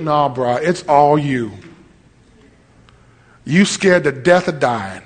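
A preacher man delivering a lively storytelling sermon, acting out voices and rising to shouts. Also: on the high side, takes it slowly, long pauses. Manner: animated, acts out voices, shouts at peaks. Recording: long hall reverb.

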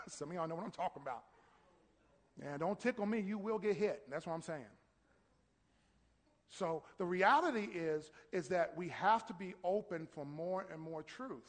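High-voiced preaching man in a reverberant hall. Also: animated, normal speed, long pauses. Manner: preaching with rising shouted emphasis and call-and-response. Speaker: pastor. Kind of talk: sermon. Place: church sanctuary.

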